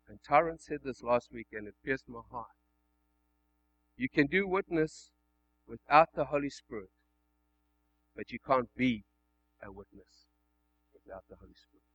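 A man preaches a sermon in a bright, forceful voice. He builds to loud, emphatic declarations, then drops to near-hushed tones. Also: mid-range voice, expressive, a little slow, long pauses, dull audio. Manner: preaching that swings between loud emphatic passages and hushed quiet ones. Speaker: pastor.

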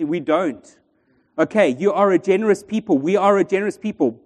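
A man's voice: high-pitched, expressive, moderate pace, darkish tone. A man preaching a sermon in a church, joking and bantering with the congregation. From South Africa. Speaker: pastor. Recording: long church reverb.

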